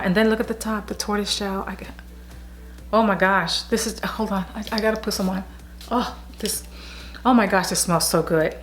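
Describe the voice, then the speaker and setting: Gushing chatty woman beauty vlogger. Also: medium pitch. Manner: chatty and gushing, with restarts and asides. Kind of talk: casual product review chat.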